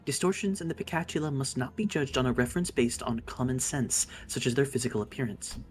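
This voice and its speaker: A man's voice: mid-range voice, fast talker, soft background music, close to an everyday voice. A man reading a game aloud and voicing a composed, formal woman who explains things matter-of-factly. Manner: stiff, formal, matter-of-fact. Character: calm formal know-it-all woman, composed. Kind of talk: game dialogue read aloud.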